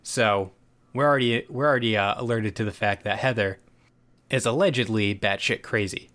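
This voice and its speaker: A man's voice: on the low side, moderate pace, a bit bright. A man in casual podcast chat, loosely retelling a TV episode with restarts and asides. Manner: loose, rambling storyteller with restarts. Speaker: podcast co-host.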